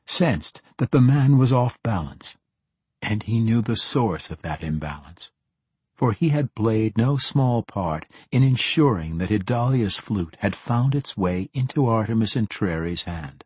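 A man narrating a fantasy audiobook in a steady, even-paced reading. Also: on the low side, unhurried, slightly rough, no room sound.

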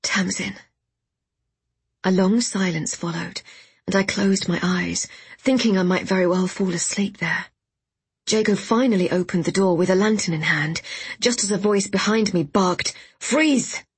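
A woman reading a first-person story aloud in a soft, hushed, often half-whispered way, with a breathy voice. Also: lowish voice, steady tone, normal speed. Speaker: audiobook narrator. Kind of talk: first-person scripted narration.

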